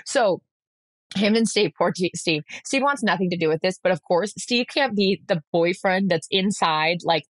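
A woman's voice: lowish voice, animated, normal speed, dry recording. Woman cohosting a podcast, chatty storyteller doing little voices for people, dry close sound. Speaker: podcast co-host. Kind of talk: casual chat.

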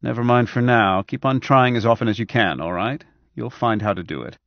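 A man doing a brisk, harried, ailing doctor. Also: mid-range voice, gravelly, no echo, muffled recording, lightly acted.

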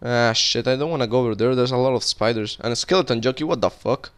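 A young man commentating his game casually, cursing a lot and yelling in panic when monsters show up. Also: medium pitch, quick pace, smooth. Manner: casual, swears often, cries out in panic at monsters. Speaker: gaming YouTuber. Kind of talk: Minecraft let's play commentary.

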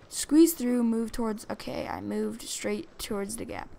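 A woman's voice: on the high side, unhurried, vocal fry, dark tone. A woman doing horror game commentary, jumpy and frightened, screaming and talking back to the game. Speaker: let's play gamer.

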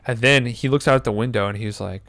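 A man in his twenties telling a story in casual chat, animated, swearing often and acting out quotes. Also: mid-range voice, fairly quick, no room sound. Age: 20s. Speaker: podcast co-host.

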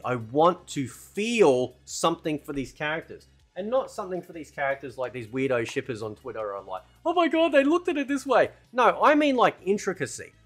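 A man's voice: a little high, a bit bright. A man giving casual, rambling opinion commentary as a gaming channel host, often tagging "right?" and "man" onto his sentences.

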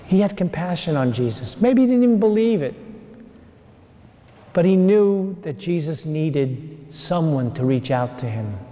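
Slow-preaching priest in an echoing church. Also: male voice, a little high, big pitch swings, dark tone. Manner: slow, earnest preaching with drawn-out pauses. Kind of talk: sermon. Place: large church. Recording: long church reverb.

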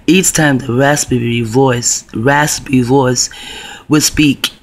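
A man's voice: mid-range voice, fairly even intonation, takes it slowly. A man telling a personal story to camera in a rambling, profane, conspiratorial way. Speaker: video blogger.

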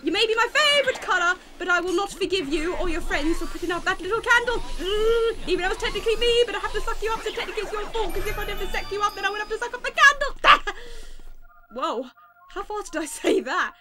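Fast-talking British woman gaming. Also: extremely high pitch. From Britain. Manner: fast-talking, excitable, melodramatic outbursts. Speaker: gaming YouTuber. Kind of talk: let's play commentary. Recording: game music playing behind.

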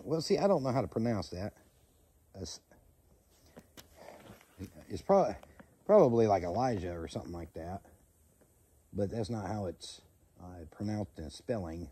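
Slow, very dark-voiced man reading scripture. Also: fairly low pitch, expressive, husky. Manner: measured reading with quiet, mumbled asides. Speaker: scripture reader. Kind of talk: reading scripture aloud with commentary.

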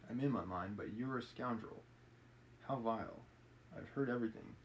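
A man's voice: medium pitch, normal speed, slight background noise, close to an everyday voice, rough recording. A man reading aloud as a stern, haughty young male witness. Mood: angry. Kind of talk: reading a novel aloud on a live stream.

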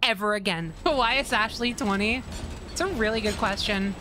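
A woman streamer giving live commentary on a horror game, swearing, laughing and yelling when she gets startled. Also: mid-range voice, moderate pace, background noise. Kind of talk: live let's-play commentary.

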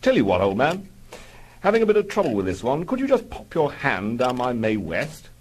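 A cool, clipped flying ace in a comic audio story, as a man puts him on, with a somewhat husky edge. He talks in brisk, stiff-upper-lip phrases that barely ruffle. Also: medium pitch, huge pitch swings, a little mellow, pitched above the performer's own voice. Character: unflappable male squadron leader hero.

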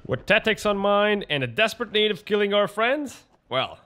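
Male vlog narrator, bright and animated, playful delivery. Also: sits high, normal speed, slight background noise. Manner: lively, playful storytelling. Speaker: vlogger. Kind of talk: voice-over narration.

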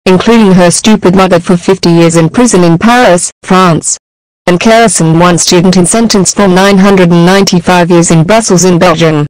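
A woman's voice: fairly low pitch, dry recording, poor audio. A text-to-speech woman voice delivering an angry scolding as a mother in a fan animation. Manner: shouting scolding, broken grammar.

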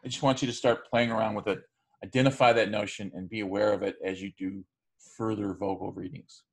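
A man's voice: on the low side, fairly even intonation, fairly quick. A man giving a recorded class lecture, speaking loosely with frequent fillers and restarts. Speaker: teacher.

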